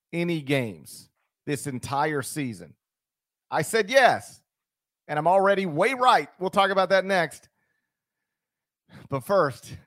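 Male sports radio host, quick joking banter, dry close mic. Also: a little high, no echo. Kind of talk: casual sports talk.

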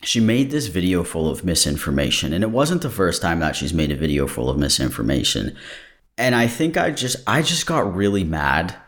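Low-pitched male podcast host; candid, rambling solo talk that wanders off mid-sentence. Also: very animated, moderate pace, a bit bright. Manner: candid and digressive, breaks off mid-thought. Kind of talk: casual solo podcast monologue. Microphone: camera-recorded.

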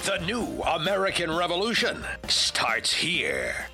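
Drawn-out bright male promo announcer. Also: fairly high pitch, wildly swooping pitch, vocal fry. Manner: slow, drawn-out delivery over music. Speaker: show announcer. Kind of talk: promo voice-over.

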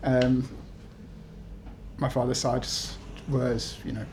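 A man's voice: mid-range voice, flat delivery, slow, background noise. A man in his thirties from the UK, an author talking to an event audience with many ums and restarts, then reading his essays aloud. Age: 30s.

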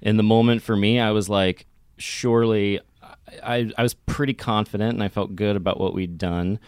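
A man's voice: fairly low pitch, fairly even intonation, moderate pace, smooth, no echo, clean studio sound. A man co-hosting a podcast, talking in an earnest, reflective way that rambles loosely with fillers. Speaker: podcast co-host. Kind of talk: casual podcast chat.

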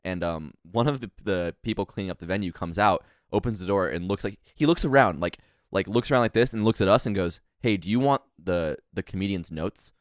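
Man, deep low voice, podcast co-host, casual storytelling, acts out quotes, dry close sound. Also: a little fast, dry recording.

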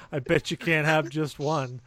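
A man casually bantering and reading cards aloud during a game night podcast, playful and quick to laugh. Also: on the high side, steady tone, fairly bright tone, slight background noise. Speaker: podcast host.

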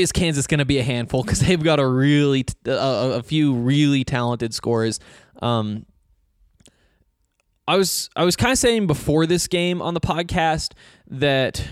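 A man's voice: mid-range voice, no echo. Dry-voiced man rambling about college sports. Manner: rambling, restarts often, coach-like asides. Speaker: sports podcast host. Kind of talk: casual solo sports commentary.

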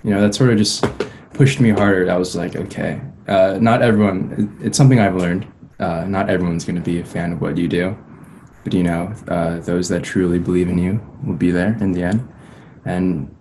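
Deep-voiced young male musician. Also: fairly even intonation, brisk, darkish tone, slight background noise, low-quality recording. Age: young adult. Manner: easygoing, laughs often. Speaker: guest musician. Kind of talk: casual interview chat.

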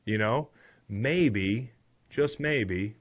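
A man's voice: on the low side, very slow. A man in his thirties, a former football player hosting a podcast, recapping the week's games in casual chat with swearing and rambling asides.

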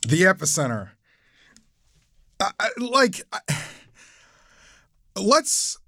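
A man co-hosting a casual sports podcast, halting and restarting often as he talks. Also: fairly high pitch, animated, a bit bright, no room sound, clean studio sound. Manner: halting, restarts, laughs easily. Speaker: podcast co-host.

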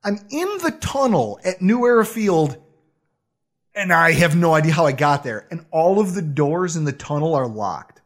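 A man co-hosting a podcast, telling a self-deprecating story in a casual, animated way with frequent laughs. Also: a little high, moderate pace. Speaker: podcast co-host.

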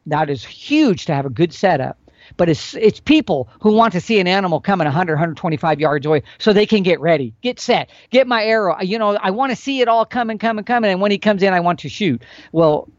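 A man's voice: sits high, dry recording. A middle-aged man, an expert guest, explaining hunting techniques in a folksy, demonstrative way. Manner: animated, folksy, demonstrating with expressive swings. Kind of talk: casual instructional explanation. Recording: dull, dry recording.

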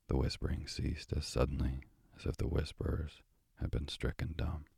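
A man narrating a classic novel as a soft, drowsy sleep story. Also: a bass voice, level tone, moderate pace, gravelly, breathy edge, no room sound, clean studio sound. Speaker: bedtime story reader.

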